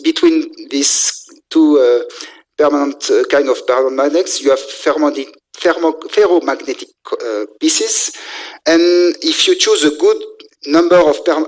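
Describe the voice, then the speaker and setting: A man giving a technical engineering lecture, speaking haltingly with many filler sounds and restarts. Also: on the high side, poor audio. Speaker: university lecturer in electrical engineering.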